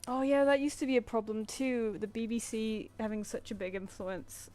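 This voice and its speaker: A woman's voice: a little high, fairly even intonation, moderate pace, a little mellow. Chatty British woman streaming. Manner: chatty, playful, coos at her pet. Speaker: streamer drawing live commissions. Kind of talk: casual chat while drawing.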